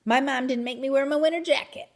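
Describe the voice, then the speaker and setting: Woman doing an excited schoolboy. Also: sits high, fast talker, voice pushed up. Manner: loud, excited. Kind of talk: storybook read-aloud.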